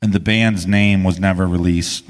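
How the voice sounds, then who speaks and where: A man's voice: low voice, steady tone, moderate pace. A man, co-hosting a live podcast on stage and telling a story in a casual, rambling way with many restarts. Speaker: podcast co-host. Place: podcast festival stage before an audience. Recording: live stage with long hall reverb.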